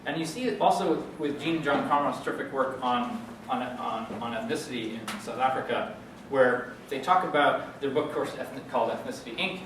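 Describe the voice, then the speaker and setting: Man lecturing in an echoey hall. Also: medium pitch. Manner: halting, many fillers and restarts. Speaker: guest lecturer. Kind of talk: academic lecture. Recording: echoey hall, distant mic, noisy.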